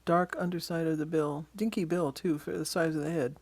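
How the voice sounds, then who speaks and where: A birding instructor giving a casual slide-show lesson on bird identification, pointing out features in photos and often pausing with ums and uhs. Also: mid-range voice, steady tone, darkish tone, dry recording. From Western Washington.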